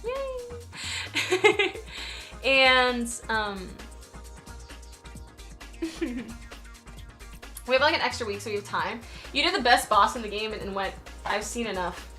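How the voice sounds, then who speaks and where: Giggly high-voiced woman streamer. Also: a little slow, pauses often, sharp tone, soft background music. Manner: giggly, apologetic, reads chat aloud. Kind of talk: casual live-stream chat with viewers.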